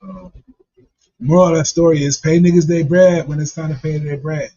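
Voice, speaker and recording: A man's voice: a little high, steady tone, moderate pace, mellow. A man casually telling a profane, funny story and laughing along as he goes. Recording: dull lo-fi recording.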